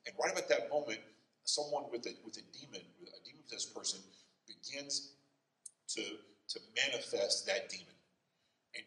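A man's voice: on the low side, distant mic. A man preaching a conversational sermon in a church, often checking in with the congregation. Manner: conversational, animated, frequent "okay?" and "right?" check-ins. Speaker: pastor. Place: church sanctuary. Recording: roomy, from the mic.

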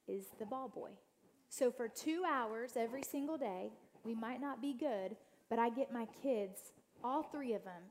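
Woman guest speaker, church talk, slightly high voice, storytelling, addresses the crowd. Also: darkish tone, a little hiss or hum. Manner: storytelling, addresses the audience directly; acts out quoted family voices.

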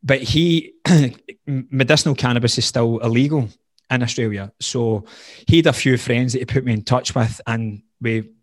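A man's voice: fairly low pitch, no room sound, clean studio sound. A man in his thirties, a health coach, telling his story in conversation, earnest and open, with frequent "like" fillers. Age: 30s.

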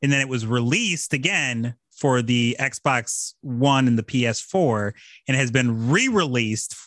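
Man, podcast co-host, rambling, animated, swears a lot, dry close sound. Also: medium pitch, unhurried, no room sound. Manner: rambling, animated retelling with profanity. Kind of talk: casual chat.

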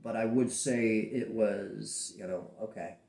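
A man producing adult films, speaking bluntly and profanely in a candid interview, telling animated stories from his own studio. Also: on the low side, measured pace, creaky. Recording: roomy echo.

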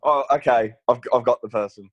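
A man's voice: mid-range voice, fairly quick, breathy edge, muffled recording. A man co-hosting a podcast, hesitant and laughing in casual banter. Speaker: podcast co-host.

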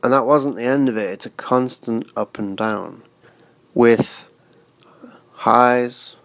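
A man talking as an interview guest, halting and restarting words, crude and frank. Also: mid-range voice, gravelly. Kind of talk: casual interview chat.

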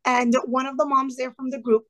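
Lively storytelling woman, high-ish voice. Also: fairly quick. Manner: lively, acts out dialogue in her stories; sprinkles in Spanish phrases. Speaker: podcast guest, retired teacher. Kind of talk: casual storytelling interview.

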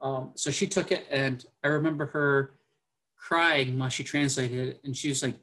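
A man's voice: mid-range voice, fairly even intonation, moderate pace, a bit bright, poor audio. A man, a military officer, tells a personal story to a podcast host in an earnest, unpolished way. His speech is full of fillers, and he often acts out quoted dialogue as he goes.

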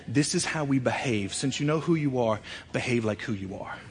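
A middle-aged man preaching a sermon, swinging between emphatic loud passages and quiet ones. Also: mid-range voice, lively intonation, normal speed. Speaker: pastor. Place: church sanctuary.

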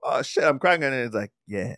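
A man's voice: mid-range voice, animated, normal speed, creaky, a bit bright, no room sound, studio quality. A man in casual chat, talking in slang, swearing lightly and laughing.

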